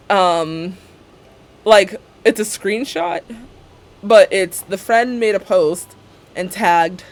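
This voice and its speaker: A young woman live-streaming a building game, chatting casually and sarcastically and laughing often. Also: on the low side.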